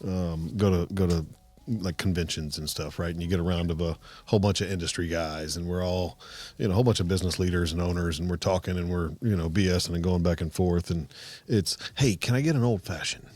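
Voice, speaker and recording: A man with a very deep voice co-hosts a podcast in a halting, self-deprecating way. The recording is close and dry, with no room around him. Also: steady tone, darkish tone, dry recording. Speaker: podcast co-host. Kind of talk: casual chat.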